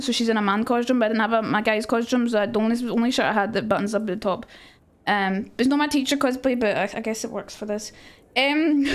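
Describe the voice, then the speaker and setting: A young Scottish woman teaching Shakespeare on a casual livestream, rambling and answering chat as she goes. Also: fairly high pitch.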